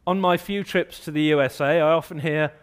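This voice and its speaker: A man from England preaching a sermon, rising to loud, emphatic outbursts as he voices objections. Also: on the high side, steady tone, a little fast, smooth.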